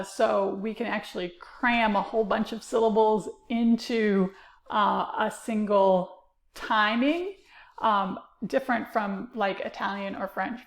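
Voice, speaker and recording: A woman's voice: mid-range voice, creaky, echoey room. A woman teacher giving a recorded lecture, explaining with frequent uh and um fillers. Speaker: literature teacher.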